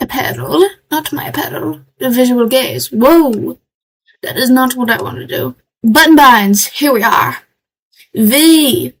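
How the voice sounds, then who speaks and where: A woman's voice: sits high, fairly bright tone, low-quality recording. A woman streamer chatting playfully through a let's play in a put-on American Southern drawl, talking to herself as she goes. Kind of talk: casual let's-play chat.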